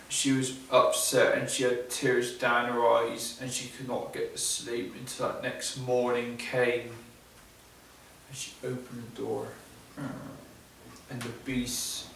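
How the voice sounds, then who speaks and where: Slow male storyteller in an echoey hall. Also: medium pitch, fairly bright tone, far from the mic. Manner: simple, repetitive phrasing with pauses. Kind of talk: live fairy-tale storytelling.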